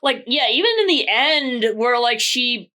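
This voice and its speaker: A woman's voice: a little high, lively intonation, measured pace, bright, forceful tone. A woman co-hosting a movie review show from a couch, adding laid-back comments and short interjections. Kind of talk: casual movie review chat. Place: living room, on a couch.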